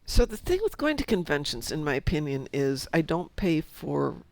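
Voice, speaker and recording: Chatty middle-aged woman with a gravelly voice. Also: low voice, big pitch swings, moderate pace, a little mellow, no echo. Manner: chatty, rambling, self-talk while playing. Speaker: game streamer. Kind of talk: casual chat while gaming.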